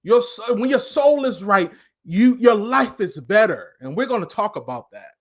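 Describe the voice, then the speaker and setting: A man giving a passionate live motivational talk as a life coach, with a preaching cadence that at times turns loud. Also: high-pitched, very animated, moderate pace.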